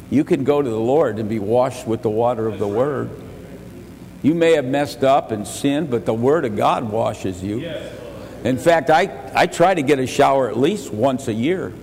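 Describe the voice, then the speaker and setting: Older male pastor preaching in a reverberant hall. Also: medium pitch. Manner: folksy storytelling, chuckles, bursts louder for emphasis. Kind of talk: sermon.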